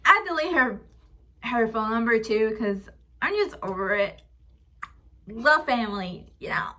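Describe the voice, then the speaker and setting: A woman's voice: a little high, lively intonation, a little slow, sharp tone. A young woman vlogger candidly recounting a painful family story, speaking frankly and emotionally, quoting arguments and swearing now and then. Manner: emotional, frank, retells arguments with "I'm like" quotes and occasional swearing. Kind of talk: candid personal storytelling to camera.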